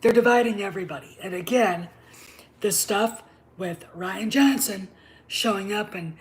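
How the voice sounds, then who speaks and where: A woman's voice: medium pitch, normal speed. A middle-aged woman hosting her own channel, delivering a heated, emphatic rant that drops to whispers for emphasis. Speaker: channel host. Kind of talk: ranting opinion monologue.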